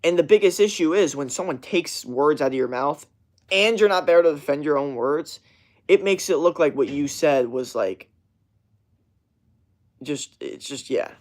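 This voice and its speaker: A man's voice: fairly high pitch, lively intonation, normal speed. A young man streaming a casual rant to his chat, swearing constantly and rambling with many fillers and restarts.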